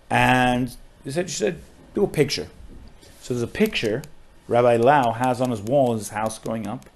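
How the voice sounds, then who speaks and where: A man, a rabbi on a podcast, tells a story with strong feeling, often saying "like" and dropping to a hushed voice at sad moments. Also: mid-range voice, a little fast. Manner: emotional storyteller with frequent "like" fillers.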